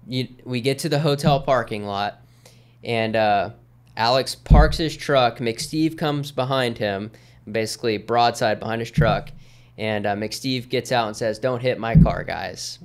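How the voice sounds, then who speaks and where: Smooth-voiced man telling a rambling story. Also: lowish voice, fairly even intonation, unhurried. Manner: easygoing, rambling, with many fillers. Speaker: podcast guest. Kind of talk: casual storytelling in conversation.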